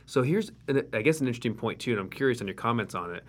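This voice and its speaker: A man's voice: mid-range voice, expressive, racing. A man co-hosting a casual podcast chat, walking through examples and acting out what people might say. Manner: conversational, acts out examples in quoted voices. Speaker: co-host.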